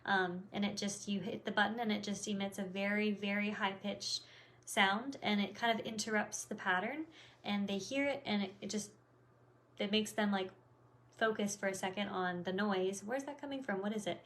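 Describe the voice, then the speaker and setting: A woman's voice: mid-range voice, steady tone, moderate pace, a bit bright. A woman dog trainer explaining things in a casual, rambling way, with lots of fillers and restarts.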